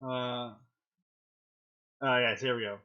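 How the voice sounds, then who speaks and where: A man's voice: mid-range voice, fairly even intonation, slow pace, pushed and bright. A man co-hosting a casual comedy podcast, rambling with lots of fillers while reading fanfiction. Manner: rambling, self-interrupting with fillers. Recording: dull lo-fi mic.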